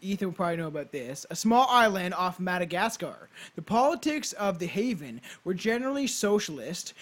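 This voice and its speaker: High-pitched male podcast host, casual, reads notes with swearing asides. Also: a bit bright. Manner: reads facts aloud with offhand swearing asides. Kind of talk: casual chat reading history notes. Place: hot home basement.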